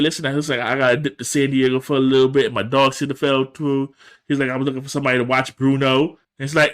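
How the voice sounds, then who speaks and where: A man co-hosting a podcast, casually recapping a TV episode and acting out the characters' lines in jumping voices. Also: a little high. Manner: animated, acts out characters' lines in shifting voices. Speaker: podcast co-host.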